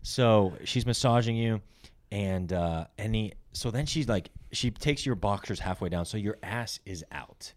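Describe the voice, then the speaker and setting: Young male comic co-host, low register, rambling profane storyteller. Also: measured pace, no echo. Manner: rambling, profane, laughs through his story. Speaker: podcast co-host, comedian. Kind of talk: casual crude storytelling.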